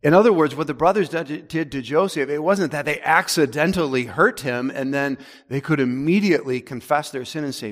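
Delivering a sermon, a male pastor speaks emphatically, letting his voice drop low and slow on important words, all within a long hall reverb.

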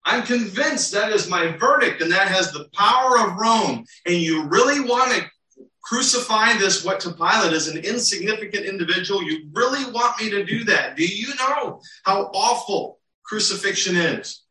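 A man's voice: sits high, animated, normal speed, pushed and bright, pitched above the performer's own voice. A man voicing an exasperated Roman governor who pleads with a crowd in insistent, incredulous questions. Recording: roomy and distant.

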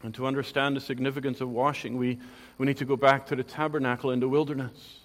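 A man's voice: mid-range voice, flat delivery, fast talker, in a large hall. A man preaching a sermon, earnest and emphatic, often restarting his phrases as he explains scripture. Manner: earnest, with frequent restarts and emphatic quoted lines.

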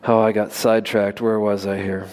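A man's voice: lowish voice, flat delivery, moderate pace, a little mellow. A man preaching a sermon to children in an emphatic way, often putting questions to them. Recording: long reverb of a large hall.

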